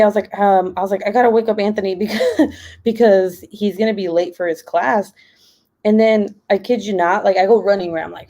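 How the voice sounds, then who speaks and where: A young woman chatting casually on a home live stream, full of "like" fillers and quick laughs. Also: mid-range voice, dark tone. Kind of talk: casual chat while crafting. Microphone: laptop.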